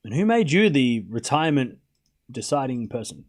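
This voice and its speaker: A man hosting a live tennis watchalong, rambling casually, answering viewer chat and calling points in quick play-by-play bursts. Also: medium pitch, big pitch swings.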